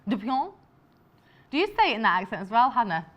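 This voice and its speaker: A woman's voice: on the high side, sing-song, racing, muffled recording. A woman presenting fabrics live on a shopping channel. She speaks in a chatty, enthusiastic way, with lots of fillers and asides to her crew. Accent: British English.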